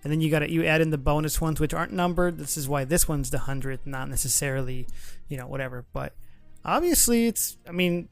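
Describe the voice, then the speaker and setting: A man co-hosting a casual podcast, chatty and quick to laugh, with frequent restarts. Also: on the high side, gravelly, soft background music. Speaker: podcast co-host. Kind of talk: casual chat.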